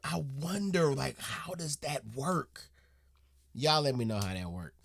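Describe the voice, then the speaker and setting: A man co-hosting a reaction video, relaxed and musing, saying "y'all.". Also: fairly high pitch, a little slow, gravelly, a crowd in the background. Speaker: reaction channel co-host. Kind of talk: casual reaction chat.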